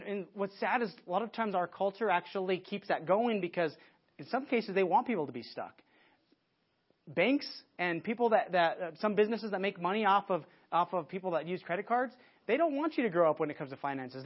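Fast-talking pastor, dull recording. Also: male voice, high voice, husky. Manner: lively, conversational, restarts often. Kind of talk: sermon. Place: church with a live audience.

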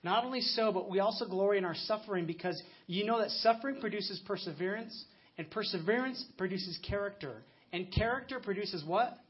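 Man, pastor, sermon, conversational storytelling, husky high voice. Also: fairly quick. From United States. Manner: conversational, story-telling with many restarts. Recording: muffled lo-fi sound.

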